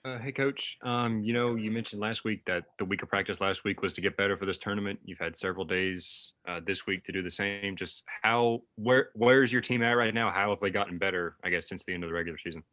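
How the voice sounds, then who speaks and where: A man reporter asking a coach a question in a halting, hesitant way. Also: fairly low pitch, sharp tone. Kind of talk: press conference question.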